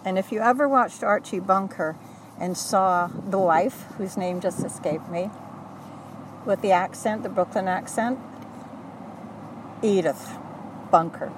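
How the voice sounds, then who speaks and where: An older woman recounting memories in an earnest, halting way, often correcting herself mid-sentence. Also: mid-range voice, distant mic, background noise. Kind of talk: oral history recollection.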